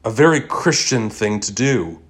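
A man's voice: on the low side, expressive, a little slow. A man voicing a Dutch male café customer who is indignant and sardonic. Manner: sardonic, questioning.

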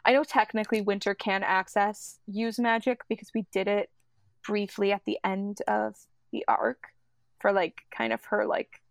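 Woman, tabletop player, gravelly vocal fry, upbeat, chatty, dry close sound. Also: mid-range voice, level tone, normal speed, no room sound. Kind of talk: casual podcast chat.

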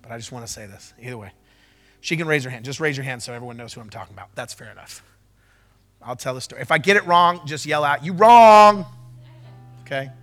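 A man preaching a sermon as a pastor, moving from loud declarations to quick, chatty storytelling in front of a church congregation. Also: mid-range voice. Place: church service before a congregation.

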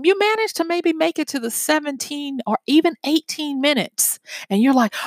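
A woman's voice: on the high side, lively intonation, normal speed, no echo. A woman giving an earnest, conversational motivational talk built on everyday examples.

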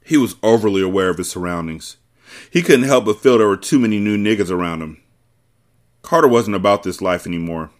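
A man hosting a podcast, reading a novel aloud and breaking off for animated, profane asides. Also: fairly low pitch, brisk. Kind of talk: novel reading with casual commentary.

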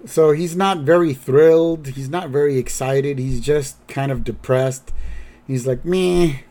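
A man's voice: medium pitch, fairly even intonation, measured pace, warm tone. A man hosting a podcast, casually recapping a cartoon episode with lots of fillers. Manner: rambling, filler-heavy. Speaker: podcast host.

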